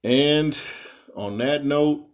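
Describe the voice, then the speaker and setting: A man's voice: on the high side, extremely slow. A man hosting a boxing commentary vlog, talking in a laid-back, rambling way and chuckling often. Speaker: boxing commentary channel host.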